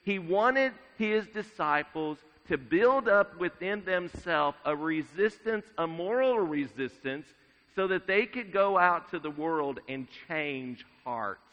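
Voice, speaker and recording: A man delivering a sermon at a slow, deliberate pace, his voice sitting a little high for a man. He sinks into a near hush at solemn moments. The sound is dull and muffled, with a long reverb trailing off the walls of a large church. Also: animated. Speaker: preacher.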